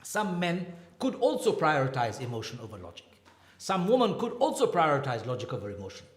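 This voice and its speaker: A man in his fifties lectures with a lively, swooping voice that sits a little high for a man. He tells jokes and stories with animated energy. The sound rings around an echoey hall. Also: a little fast. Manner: animated, joking storyteller. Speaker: imam and marriage counselor. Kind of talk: humorous lecture.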